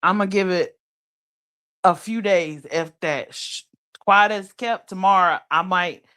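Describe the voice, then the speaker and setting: A woman's voice: lowish voice, takes it slowly, sharp tone. A woman, hosting a late-night livestream chat in a sassy, blunt and playful way. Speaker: livestream host.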